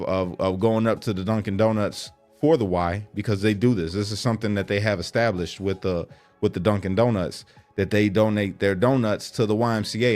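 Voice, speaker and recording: A man with a fairly low voice speaks in an earnest, conversational way, loose with slang and easy fillers. Faint music plays under his casual vlog talk. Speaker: vlogger. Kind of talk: casual reflective monologue.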